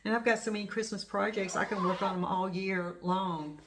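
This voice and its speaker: A woman's voice: mid-range voice, steady tone, brisk, background noise. A middle-aged woman hosting a craft channel, chatting casually and rambling as she gushes over her stitching projects. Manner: chatty and rambling, gushing over small things. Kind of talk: casual show-and-tell chat.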